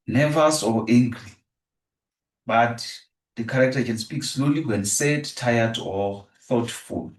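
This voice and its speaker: A man teaching an exam revision lesson, repeating each answer and restating it before moving on. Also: on the low side. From South Africa. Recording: echoey room, distant from the mic.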